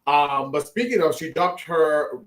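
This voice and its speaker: A man co-hosting a podcast in relaxed, casual chat, laughing easily and using many fillers. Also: a little high, a little slow, echoey room. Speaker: podcast co-host.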